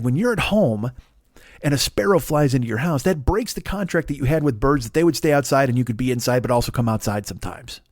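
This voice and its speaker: A middle-aged man doing a rambling, profane comedy monologue as a podcast host, full of restarts and animated rants. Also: mid-range voice, dry recording, studio quality.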